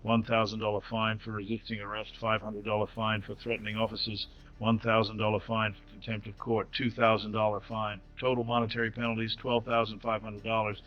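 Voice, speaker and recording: A man giving a scripted, dramatic story narration in an even voice. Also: fairly low pitch, brisk. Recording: slightly dull audio with faint music.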